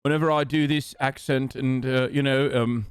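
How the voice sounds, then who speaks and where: A man's voice: medium pitch, fairly even intonation, clean tone, no echo, clean studio sound, close to an everyday voice. A man putting on a posh British accent to play a pompous, rambling politician who stalls with endless ums and uhs. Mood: mock-pompous. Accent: put-on posh British. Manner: halting, full of ums and uhs.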